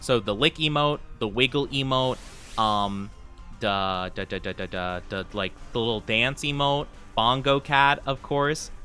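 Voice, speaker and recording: A man casually talking to his viewers while he plays a game, rambling and full of fillers. His voice is bright and forward, at an ordinary pitch. Faint music plays underneath. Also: measured pace. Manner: rambling and chatty, with lots of fillers. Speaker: livestreamer.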